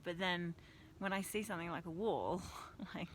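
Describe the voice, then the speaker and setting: A woman's voice: fairly low pitch, normal speed, slight background noise. A young woman talking casually and reflectively outdoors on a mountain trail, laughing often at herself. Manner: chatty, laughs often, self-deprecating. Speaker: vlogger.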